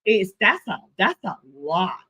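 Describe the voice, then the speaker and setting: A woman's voice: mid-range voice, big pitch swings, a little slow, bright, forceful tone, breathy edge, rough recording. A woman hosting a podcast interview who asks long, supportive, reflective questions. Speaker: podcast host. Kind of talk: interview conversation.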